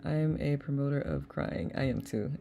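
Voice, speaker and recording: A woman's voice: a bass voice, sing-song, moderate pace, vocal fry, warm tone. A woman hosting a live online chat, reading viewers' messages aloud and laughing often. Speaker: host.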